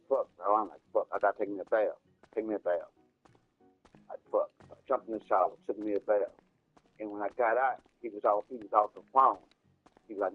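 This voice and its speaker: A man's voice: fairly low pitch, dry recording, narrow, tinny audio. A man casually telling a long rambling story, repeating himself and cursing, in slangy talk. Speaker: storyteller streaming a game.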